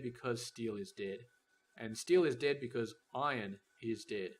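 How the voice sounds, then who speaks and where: A man's voice: medium pitch, a little slow. Man thinking aloud over gameplay. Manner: thinking aloud, talks to the game's robots and trains. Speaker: gameplay commentator. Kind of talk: casual let's-play commentary.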